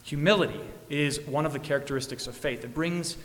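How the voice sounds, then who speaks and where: Male pastor, earnest sermon delivery, bright tone, big reverberant church. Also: fairly quick, a little hiss or hum. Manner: earnest, with rising emphatic peaks and soft low endings.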